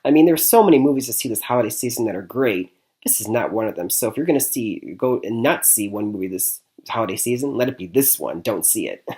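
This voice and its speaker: A man from Michigan talks through a movie review in a relaxed, chatty way. He leans on fillers like "I mean" and "like I said," and chuckles between points. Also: mid-range voice, fast. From Michigan, USA. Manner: chatty, repeats "I mean" and "like I said", laughs often. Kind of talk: casual spoken movie review.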